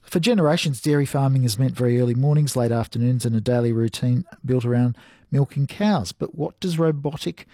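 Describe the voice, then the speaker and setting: A man's voice: medium pitch, fairly quick, dark tone, no echo. A man with an Australian accent hosting a radio quiz and chat show, playful and teasing. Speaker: radio host.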